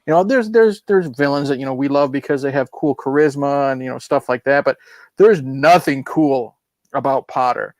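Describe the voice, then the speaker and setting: A man's voice: medium pitch, no echo. A man on a casual film podcast giving loose, opinionated takes full of fillers. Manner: loose, opinionated, lots of "you know". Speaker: podcast panelist.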